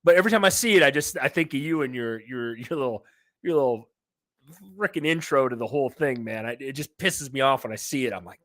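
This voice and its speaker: A man hosting a casual sports podcast on a headset, excitable and loud, swearing freely. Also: fairly high pitch, brisk. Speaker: podcast host.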